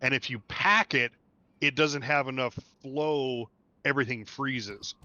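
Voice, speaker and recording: A man hosting a casual gaming livestream, talkative and quick to laugh as he explains things at length. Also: medium pitch, steady tone, bright, forceful tone, no room sound, muffled recording. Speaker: livestream host. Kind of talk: casual gaming stream chat.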